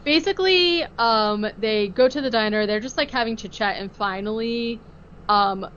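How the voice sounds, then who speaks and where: A woman's voice: fairly high pitch, moderate pace, a bit bright, muffled recording, slight background noise. A woman hosting a podcast, recapping a film in casual chat, full of "like" fillers and easy laughs. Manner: chatty, filler-heavy, laughs easily. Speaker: podcast host.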